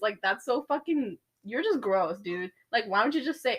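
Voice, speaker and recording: A woman's voice: fairly high pitch, expressive, normal speed, few pauses, fairly bright tone. A young woman co-hosting a podcast, retelling a story in a casual, laughing, profane way. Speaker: podcast co-host. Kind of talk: casual chat.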